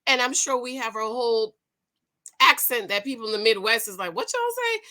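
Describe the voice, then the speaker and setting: A woman from the Northeast United States with a New York accent, reviewing a dating show in lively, casual chat to her viewers. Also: fairly high pitch, brisk. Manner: animated, lively, playful asides to viewers.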